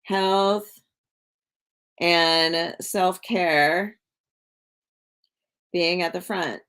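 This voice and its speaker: A woman chats with her viewers on a livestream in a loose, rambling way. She starts phrases over and over and fills the gaps with "like" and "you know". Her voice sits a little on the low side. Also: steady tone, very slow, a bit bright, clear, resonant tone. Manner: rambling, repeats words, many fillers. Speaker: livestream host. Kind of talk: casual livestream chat.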